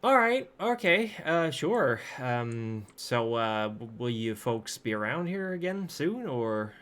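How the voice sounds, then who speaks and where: A man's voice: medium pitch, sing-song, slow pace, a bit bright. A man voicing a cheerful, slightly flustered small-town woman in a tabletop game. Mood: chatty. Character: chipper small-town woman clerk, friendly, sleepy.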